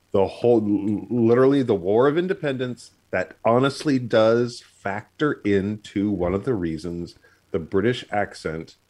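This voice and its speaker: A man's voice: on the low side, measured pace, darkish tone. A man co-hosting a casual chat on a video call, explaining with many fillers and restarts. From United States. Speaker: podcast co-host.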